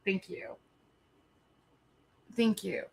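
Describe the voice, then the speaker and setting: A woman's voice: medium pitch, animated, extremely slow, vocal fry, slightly rough. A woman live streamer chatting casually, rambling, swearing freely and restarting sentences, a little emotional.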